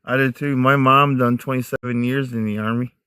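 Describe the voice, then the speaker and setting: A man's voice: mid-range voice, steady tone, brisk, pushed and bright, smooth, no room sound. Chatty man with a mixed American accent. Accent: mixed American, Midwestern, Southern and Northern. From United States, raised in many states. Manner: chatty, talks straight to viewers, laughs a lot. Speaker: livestream host. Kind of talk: casual livestream chat. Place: woods at night, outdoors.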